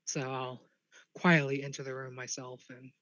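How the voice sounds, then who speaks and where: A man playing in a tabletop game, speaking in a thoughtful, measured way. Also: medium pitch, level tone, a bit bright, no room sound, highs cut off. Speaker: player.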